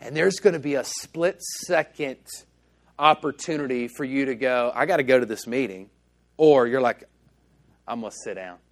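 A man's voice: medium pitch, normal speed. A male pastor preaching a sermon in a church, telling stories in a casual, conversational way and acting out the dialogue.

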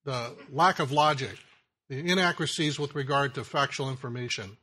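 A man preaching a sermon, slow and deliberate, telling a joke story and letting his phrases drop low and quiet at the ends. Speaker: pastor.

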